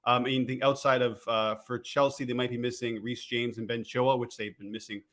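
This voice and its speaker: Man, mid-pitched voice, guest betting analyst, easygoing sports chat. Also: level tone, fairly quick, fairly bright tone.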